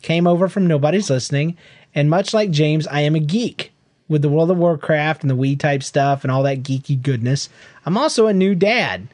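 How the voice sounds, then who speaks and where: A man's voice: fairly high pitch, normal speed, a little mellow, no room sound. A man co-hosting a casual podcast with his wife, joking, teasing and reading listener emails aloud. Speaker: podcast co-host. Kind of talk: casual chat.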